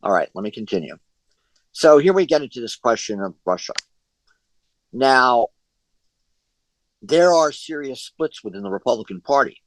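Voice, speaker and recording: A man's voice: medium pitch, animated, normal speed, pauses often, dry recording, low-quality recording. A man leading an online discussion group over a video call, talking at length with many fillers and restarts.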